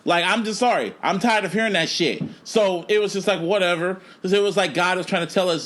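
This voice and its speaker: A man co-hosting a casual podcast, telling a story in an animated, profane way. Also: sits high, fairly quick, few pauses. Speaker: podcast co-host. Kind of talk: casual chat.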